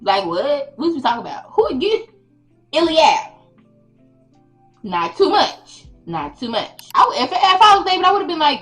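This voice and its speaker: A woman's voice: sits high, very animated, normal speed, a bit bright, faint music behind, rough recording. A young woman retelling a Bible story in a casual, slangy, playful way as the host of her channel.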